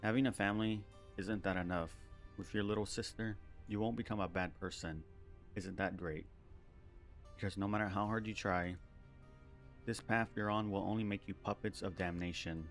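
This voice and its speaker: A man voicing a calm, battered female android doll who speaks steadily and with quiet mockery, read aloud from a game on stream. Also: on the low side, moderate pace, faint music behind, natural voice. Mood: quietly mocking.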